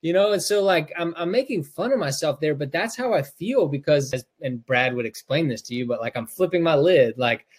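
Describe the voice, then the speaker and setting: A man's voice: fairly high pitch, lively intonation, fairly quick, hardly any pauses, husky. A middle-aged man from North Carolina, a parent and podcast co-host, talking in an emotional, rambling way with lots of restarts. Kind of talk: casual podcast chat.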